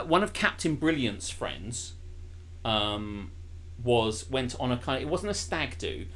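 A man's voice: medium pitch, a bit bright. A man, co-hosting a casual stream and telling rambling, laughing anecdotes. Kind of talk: casual chat.

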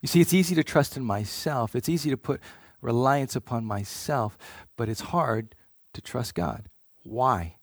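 A man's voice: mid-range voice, animated, a little slow, no room sound. Earnest male preacher, dry sound. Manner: earnest, repeats words when starting phrases. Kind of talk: sermon.

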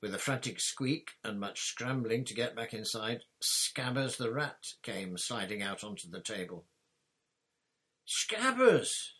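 A man reading a storybook chapter aloud as narrator in a steady, even manner. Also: lowish voice, normal speed, few pauses, slightly rough. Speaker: audiobook reader.

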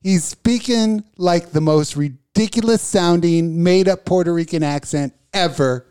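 A man's voice: high-pitched, measured pace, a little mellow, clear, resonant tone. Profane ranting man. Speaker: podcast co-host. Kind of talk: casual comedic rant.

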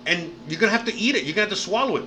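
A man's voice: sits high, animated, racing, pushed and bright, slight background noise. A man ranting profanely in a reaction video, repeating "you know what I mean" over and over. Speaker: commentator reacting to clips.

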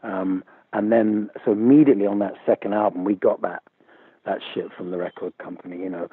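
Guy chatting candidly on a tinny phone line, kinda husky, dry sound. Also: on the low side, steady tone, a little fast, dry recording. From England. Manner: candid, chatty, self-deprecating with laughs. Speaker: musician guest. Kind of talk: casual interview chat. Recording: muffled phone-line interview audio.

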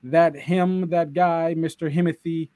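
A man co-hosting a casual wrestling podcast, animated and joking as he recaps the show. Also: on the high side, measured pace, no room sound. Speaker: podcast co-host.

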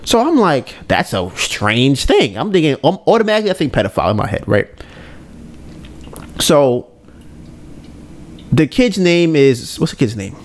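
A man chatting casually on a podcast, retelling a show scene by scene. He is an animated storyteller who slips into the characters' voices and checks in with his listeners as he goes. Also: fairly high pitch, moderate pace, long pauses. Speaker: podcast co-host. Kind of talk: casual chat retelling an anime.

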